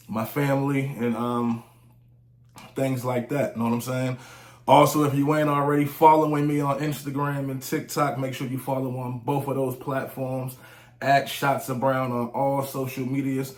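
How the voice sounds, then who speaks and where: Laid-back man telling stories, roomy echo. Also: mid-range voice. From United States. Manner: loose, slangy, with frequent "you know what I'm saying" fillers. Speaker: vlogger, music reviewer. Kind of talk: casual storytelling monologue.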